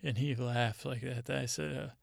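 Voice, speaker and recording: A man telling a meandering personal anecdote, halting and restarting his sentences as he goes. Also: medium pitch, steady tone, vocal fry, dry recording, clean studio sound. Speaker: storyteller.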